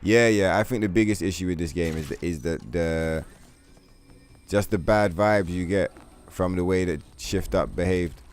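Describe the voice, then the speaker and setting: A man's voice: deep voice, moderate pace. A man chatting casually and profanely while streaming a game, rambling through long comparisons and laughing. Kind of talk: casual gaming livestream chat.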